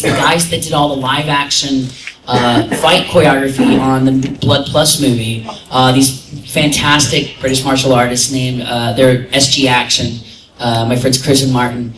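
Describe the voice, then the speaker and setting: A man who is a convention guest, telling lively stories at a panel, laughing often and mimicking voices. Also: medium pitch. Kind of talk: casual storytelling at a convention panel. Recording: echoey room, somewhat distant, faint noise.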